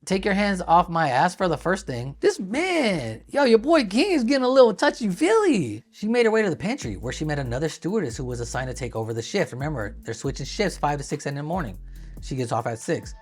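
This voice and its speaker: A woman's voice: sits low, sing-song, quick pace, darkish tone, slightly rough, faint music behind. A woman giving casual commentary as she reads a court document aloud, adding sarcastic asides and jokes. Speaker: online commentator.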